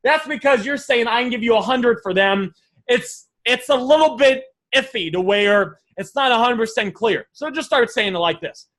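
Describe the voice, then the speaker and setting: A man coaching a live class on sales offers, energetic and repetitive, often calling his listeners guys. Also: very high-pitched, moderate pace. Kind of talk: live online teaching session.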